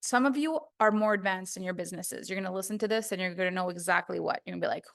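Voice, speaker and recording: A woman's voice: on the low side, racing, vocal fry, hardly any pauses. A woman voice coach teaching an online course, speaking earnestly and emphatically and acting out what her students say to themselves.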